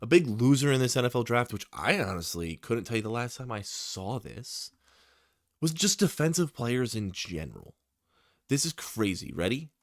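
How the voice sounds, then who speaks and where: A man's voice: medium pitch, normal speed, dry recording, studio quality. A man giving casual, opinionated commentary on football draft picks, talking straight to his viewers, tired late at night. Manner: opinionated, excitable, talks to the viewer. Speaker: sports YouTuber.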